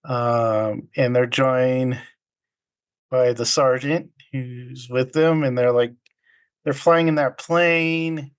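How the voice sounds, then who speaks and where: A man's voice: medium pitch, fairly even intonation, slow pace, clear, resonant tone. A man casually recapping an old film with friends, rambling, often laughing and acting out quotes. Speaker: podcast co-host recapping a film. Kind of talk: casual chat.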